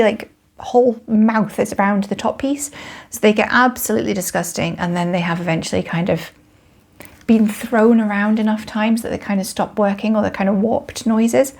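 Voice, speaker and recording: A woman's voice: a little high, darkish tone. A woman in her thirties with a British accent, chatting casually to camera about toys, frank, with many ums and self-corrections. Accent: British English. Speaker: parenting vlogger. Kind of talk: casual toy review to camera.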